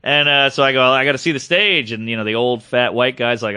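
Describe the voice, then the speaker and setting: Bright-voiced man telling a story. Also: mid-range voice, brisk, smooth, dry recording, studio quality. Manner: animated, acts out other people's voices in his story. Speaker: podcast co-host, comedian. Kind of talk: casual storytelling chat.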